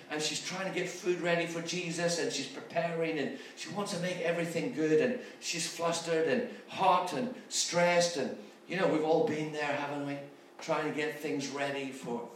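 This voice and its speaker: A man's voice: on the high side, a bit bright. A man preaching a sermon, retelling Bible stories with rhetorical questions and frequent restarts. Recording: echoey room from far off, faint background noise.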